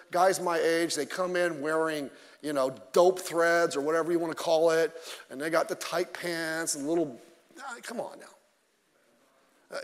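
A man's voice: a little high, long reverb tail. A male pastor preaching a sermon in an emphatic, conversational way, mixing in self-deprecating jokes.

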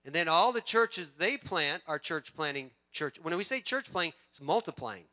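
Pastor guy preaching, bright punchy voice, gets loud then goes quiet. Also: a little high, animated, normal speed. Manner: emphatic, swings between loud bursts and hushed storytelling. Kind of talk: sermon.

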